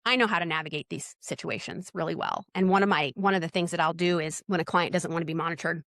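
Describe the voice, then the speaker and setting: A woman's voice: on the low side, fast, a bit bright, no room sound, clean studio sound. A middle-aged woman, a doula telling stories in a casual interview, blunt and outspoken, and she often acts out the dialogue. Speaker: doula, podcast guest.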